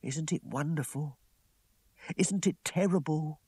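A man puts on a troubled young servant woman for a storybook reading, lifting his husky voice higher and speaking soft and drawn out. The take is dry and close, with lively rises and falls. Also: slow, no echo, full character voice. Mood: awed. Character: sad troubled young female servant, quiet. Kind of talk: audiobook character voice.

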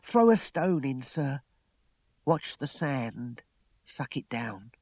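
A man voicing a quiet, troubled young female servant in an audiobook, speaking softly and wistfully in a raised voice. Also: mid-range voice, sing-song, takes it slowly, no echo, voice pushed up. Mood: awed. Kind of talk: audiobook character voice.

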